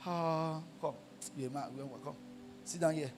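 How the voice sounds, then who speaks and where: A man voicing a flirtatious woman who soothes and coaxes a man in a soft, cooing way. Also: fairly high pitch, steady tone, unhurried, faint music behind, close to an everyday voice. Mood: coaxing.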